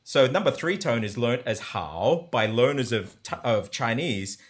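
A man with a medium-pitched, expressive voice explains language sounds at a measured pace. His tone is conversational and enthusiastic, and he often voices sample syllables to demonstrate.

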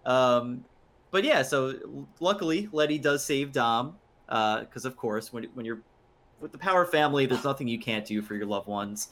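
A man's voice: medium pitch, expressive, moderate pace, fairly bright tone. A man co-hosting a podcast in an easygoing, upbeat way. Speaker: podcast co-host. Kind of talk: casual chat.

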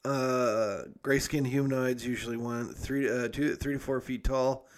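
In an unhurried mid-range voice with fairly even intonation, a young adult man hosts a podcast. He rambles casually and swears freely, with many fillers and frequent restarts.

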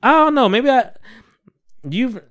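A man's voice: extremely high pitch, lively intonation, a little slow, a bit bright, no echo, clean studio sound. A man hosting a podcast, chatting casually in a rambling way, with many restarts and easy laughs. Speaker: podcast host. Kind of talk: casual chat.

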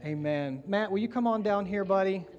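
High-voiced pastor man leading baptisms. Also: moderate pace, highs cut off. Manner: warm, encouraging, chatty asides.

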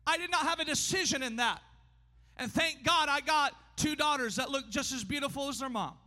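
A man preaching a sermon in a church, emphatic and often shouting, his delivery swinging between fast bursts and slow drawn-out lines. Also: very high-pitched. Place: church sanctuary. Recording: long hall reverb.

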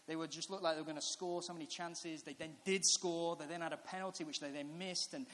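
A man's voice: on the high side, fairly even intonation, fast talker, a bit bright. A man, preaching a sermon in a chatty storytelling way that builds to earnest reflection. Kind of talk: sermon with personal stories. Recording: echoey hall with faint hiss.

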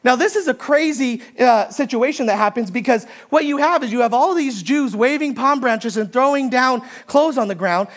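A high-pitched woman delivers a Sunday sermon. She preaches emphatically, repeating her key points and building force as she quotes scripture. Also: normal speed, few pauses. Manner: emphatic preaching, repeating key phrases, rising when quoting. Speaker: pastor.

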